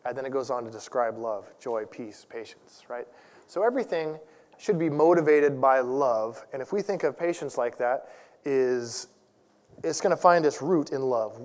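A man's voice: mid-range voice, lively intonation, normal speed. A man in his forties, a church elder, preaching a sermon in a conversational, self-deprecating storytelling way. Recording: long reverb of a large hall.

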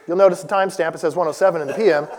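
A man's voice: on the high side, steady tone, rapid-fire, darkish tone. A man in his forties, a church elder, preaching a sermon in a conversational, self-deprecating storytelling way. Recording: long reverb of a large hall.

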